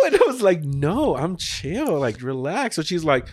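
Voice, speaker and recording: A man's voice: fairly high pitch, wildly swooping pitch, measured pace, darkish tone, no echo. Rambling man telling a story. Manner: rambling, acts out quotes, swears freely. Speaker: podcast host. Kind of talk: casual storytelling chat.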